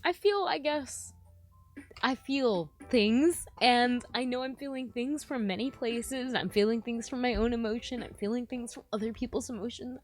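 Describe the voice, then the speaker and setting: A woman's voice: on the high side, a little slow, faint music behind. A woman talking to her viewers in a rambling, confessional vlog about her feelings, often trailing off mid-sentence. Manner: emotional, self-searching, trails off mid-sentence. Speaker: spiritual vlogger.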